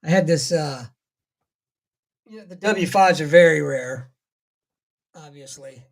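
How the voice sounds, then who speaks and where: A man's voice: on the high side, measured pace, creaky. A man in casual podcast chat, talking bluntly and swearing casually. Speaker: podcast co-host.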